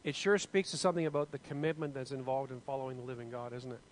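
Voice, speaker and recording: A man's voice: medium pitch, steady tone, quick pace, a little hiss or hum, rough recording. A man leading a group Bible study discussion, talking in an earnest, musing way with many restarts.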